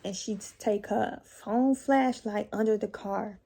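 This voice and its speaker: Gravelly young woman telling a story. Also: mid-range voice, fairly even intonation, measured pace, mellow. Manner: chatty, profane, addresses viewers directly. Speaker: vlogger. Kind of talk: casual storytime vlog.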